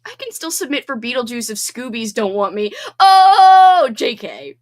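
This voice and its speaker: A woman's voice: a little high, very animated. A woman hosting a casual livestream from home, chatting bubbly and reading out viewer comments. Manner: bubbly and chatty, quick laughs and squeals. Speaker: livestream host.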